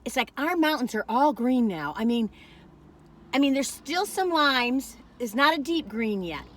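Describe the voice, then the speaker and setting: High, bright-voiced woman in her sixties. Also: lively intonation, unhurried. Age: 60s. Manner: rambling, digressive, talks straight to viewers. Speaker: food reviewer vlogger. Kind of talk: casual chatty food review.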